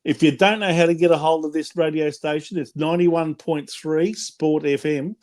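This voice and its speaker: Chatty Australian man, fairly high voice. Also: steady tone, normal speed, darkish tone. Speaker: podcast co-host. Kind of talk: casual fan chat, promos.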